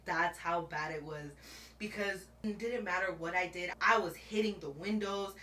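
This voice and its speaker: Bright-voiced woman telling a dramatic story. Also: medium pitch, normal speed, reverberant, distant mic, slight background noise. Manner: dramatic, laughing, addresses viewer as bestie. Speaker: storytime vlogger. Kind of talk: casual storytime chat.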